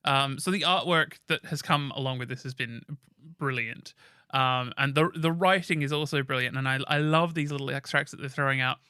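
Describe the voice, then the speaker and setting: A man co-hosting a podcast in casual chat, excitable and rambling, with the odd swear. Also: medium pitch, moderate pace, clean tone, no echo, clean studio sound. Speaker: podcast co-host.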